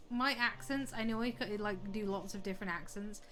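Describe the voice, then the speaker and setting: A woman streaming a game live, chatting away excitably and swearing now and then. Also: medium pitch, a little fast. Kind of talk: live gameplay commentary.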